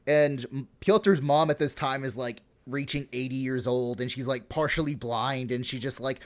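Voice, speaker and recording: A man's voice: medium pitch, fairly even intonation, normal speed, few pauses. A man hosting a podcast, casually retelling history with lots of swearing, laughs and fillers. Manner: profane, laughing, full of fillers. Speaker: podcast host.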